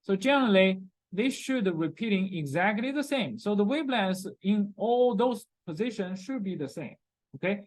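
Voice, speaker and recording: The recording is poor, but this chemistry lecturer's mid-range voice comes across expressive at a normal speed. During class, key terms get repeated, "okay?" comes up frequently as a check-in, and the grammar is non-native.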